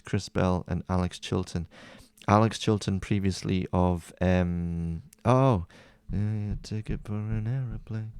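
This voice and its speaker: A man hosting a music playlist video, chatting casually through a track-by-track rundown with relaxed, enthusiastic asides. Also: on the low side, vocal fry, no echo, clean studio sound.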